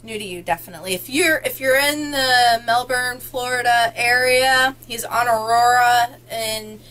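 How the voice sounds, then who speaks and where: A young woman from Indiana hosts a casual book chat with friends, bubbly and quick to laugh. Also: fairly high pitch, rough recording. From North Central Indiana, US. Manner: bubbly, excitable, laughs often. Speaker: book vlogger hosting a book tag.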